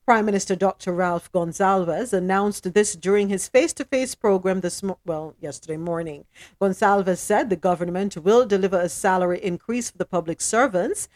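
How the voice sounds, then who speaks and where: A woman's voice: medium pitch, no room sound, clean studio sound. A woman hosting a casual news chat, reading headlines and reacting with playful mock outrage. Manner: animated, laughs loudly, playful mock outrage. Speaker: podcast host.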